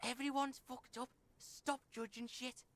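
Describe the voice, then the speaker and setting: A woman's voice: high voice, flat delivery, measured pace, no room sound. A woman voicing a scrappy, foul-mouthed young boy in a video game who swears constantly and talks about himself in the third person. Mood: brash defiant.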